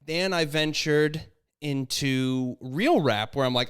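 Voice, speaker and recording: A young man co-hosting a podcast in casual chat, rambling and self-deprecating, with high tones he can drop low, talking into a studio mic in his apartment. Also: lively intonation, unhurried, clean tone. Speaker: podcast co-host and editor. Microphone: studio microphone with headphones.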